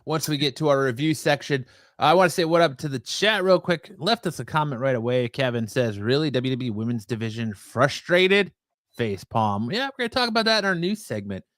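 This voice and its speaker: A man hosting a live wrestling chat show, relaxed and joking as he explains the news. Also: medium pitch, fairly quick, no echo. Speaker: podcast host. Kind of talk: casual live-stream chat.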